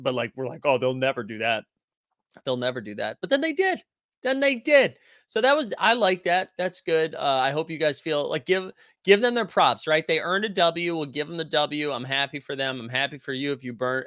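A young man hosts a casual basketball live stream. His voice is a little higher than most men's and sharply bright, and he talks loud and animated as he answers the chat. The sound is dry and close. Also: no room sound. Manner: loud, animated, yells often; reads and answers chat comments.

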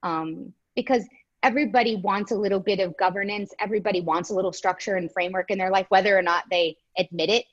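A woman's voice: mid-range voice, fast, dull audio. A woman talking in a casual chat as a guest, telling stories animatedly and acting out what others said. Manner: animated storyteller, quotes others in voices.

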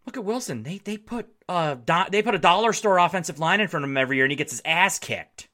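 A man's voice: sits high, fast talker. A man hosting a podcast, giving casual sports commentary in a blunt way, swearing freely and acting out what others say. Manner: animated, blunt, swears freely, acts out quotes. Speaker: podcast host.

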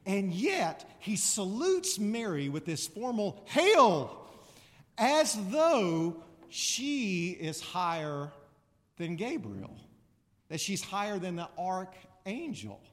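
A man preaching a sermon in a conversational, animated way, now and then breaking into loud proclamations. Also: high voice, takes it slowly. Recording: reverberant hall.

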